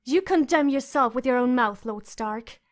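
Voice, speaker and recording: A woman voicing a cold, scornful queen in an audiobook, speaking haughtily with a raised pitch. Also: moderate pace, natural voice. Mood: commanding. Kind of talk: audiobook character voice.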